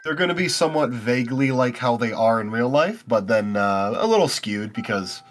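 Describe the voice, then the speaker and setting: A man's voice: mid-range voice, animated, normal speed, soft background music. A man game master chatting casually on a live stream, joking with dry asides.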